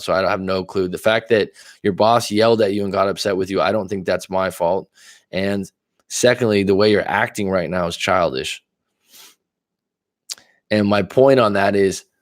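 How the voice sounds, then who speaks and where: A dating coach living in Thailand talks casually on a livestream in a fairly low voice, answering viewer comments one after another. He tells stories bluntly and candidly, swearing occasionally, and the sound is dry and close with no room echo.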